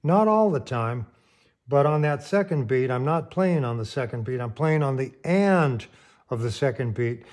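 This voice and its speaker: Counting aloud while playing, this piano teacher gives a plain explanation of rhythm. He speaks at medium pitch and normal speed, animated and darkish in tone, with the piano running beneath his voice.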